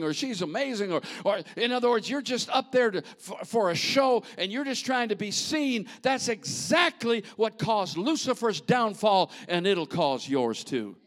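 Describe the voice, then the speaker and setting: A man preaching a sermon in an animated, conversational way, with asides to the congregation. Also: high voice, moderate pace, hardly any pauses.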